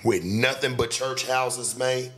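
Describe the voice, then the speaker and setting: A man's voice: medium pitch, fairly even intonation, takes it slowly, sharp tone. Laid-back, boastful man on a livestream. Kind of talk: casual livestream talk.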